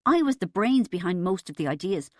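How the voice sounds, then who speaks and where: A woman voicing a defensive Irish wife in an audiobook, with a posh put-on accent and a shrill voice. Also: sing-song, a little fast, a little mellow, no room sound, studio quality.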